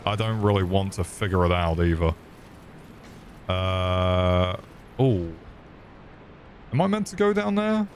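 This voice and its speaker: A man with a low, animated voice streams a game, speaking slowly with frequent pauses as he swears a lot and jokes with his chat. It's casual gaming commentary, and a little hiss or hum can be heard.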